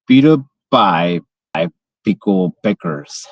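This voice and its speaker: Chatting on a live stream, a native Spanish-speaking man from Spain fumbles tongue twisters in a playful, casual way; he's a vlogger with a Spanish accent. He sounds animated, medium in pitch and somewhat dark, keeping a measured pace. There's no echo, though the recording quality is low.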